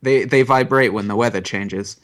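A man co-hosting a comedy podcast, spinning deadpan absurd stories and chuckling. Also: on the low side, moderate pace, slight background noise. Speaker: podcast co-host. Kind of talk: comedic scripted banter.

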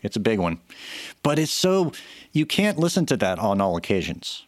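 A man's voice: lowish voice, sing-song, normal speed, no room sound. A man cohosting a podcast, chatting casually and giving strong opinions with many restarts, into a microphone. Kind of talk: casual chat. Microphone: studio microphone.

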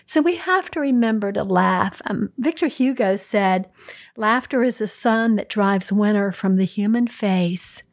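A woman's voice: a little high, no echo, studio quality. A middle-aged woman co-hosting a podcast, giving a chatty, story-filled pep talk. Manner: slow, chatty storytelling with frequent laughs. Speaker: podcast co-host. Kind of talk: solo pep talk monologue.

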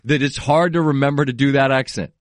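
A man's voice: mid-range voice, fairly even intonation, a little fast, no room sound. A man co-hosting a casual comedy podcast, teasing his co-host with wry, dry remarks.

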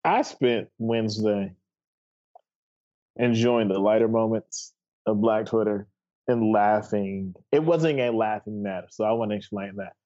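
A man's voice: lowish voice, unhurried, dark tone, lo-fi sound. A man in his thirties co-hosting a podcast, telling a story in an amused, casual way. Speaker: podcast co-host.

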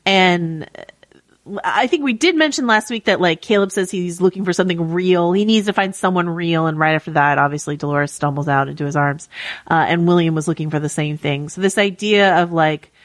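Speaking a little fast, a podcast co-host with a lowish voice talks with no room sound behind her. Her style is chatty and casual, peppered with fillers and restarts.

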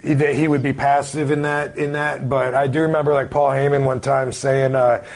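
A man's voice: mid-range voice, flat delivery, normal speed, darkish tone. Guest in his forties, laid-back rambling storyteller, mid-range voice. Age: 40s. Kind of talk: casual interview chat.

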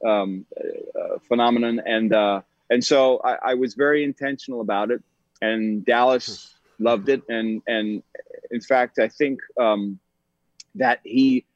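A man in his forties, an actor, joins a podcast for a casual interview, thinking aloud with plenty of ums and restarts. His medium-pitched voice holds a steady tone at a slightly slow pace. The recording is dry, dull and a bit lo-fi.

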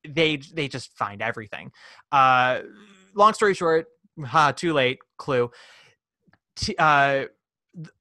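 A man co-hosting a casual chat about a musical, animated and acting out quoted lines. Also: no room sound, studio quality. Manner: animated, acts out quoted lines in high voices. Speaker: podcast co-host.

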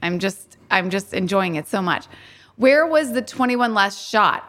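A woman's voice: mid-range voice, lively intonation, measured pace, a bit bright. A woman co-hosting a podcast in casual chat, bubbly and giggly. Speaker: podcast co-host.

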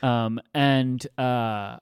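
A man's voice: mid-range voice, fairly even intonation, drawn-out words, clean tone, no room sound, clean studio sound. A British man hosting a podcast, joking and teasing his co-host in casual chat. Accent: British English. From Britain. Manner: joking, teasing, laughs often.

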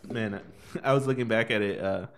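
A man in casual conversation, spinning a story with loose, excitable energy and plenty of swearing. He talks in a relaxed, everyday way and laughs through the funny parts. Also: on the low side, brisk. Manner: animated storyteller, swears freely, laughs while telling. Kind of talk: casual podcast chat.

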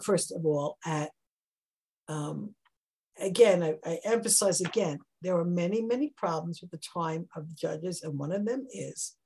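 Woman, husky voice, text-study teacher; emphatic, climbs high on questions. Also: poor audio. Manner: animated, emphatic, rising on rhetorical questions. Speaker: Torah teacher.

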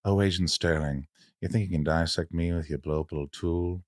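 A man doing Hannibal Lecter, low and hushed. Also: fairly even intonation, no room sound, studio quality, close to an everyday voice. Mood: menacing. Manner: low, quiet, taunting and slow. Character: Hannibal Lecter, refined cannibal killer, menacing, cold.

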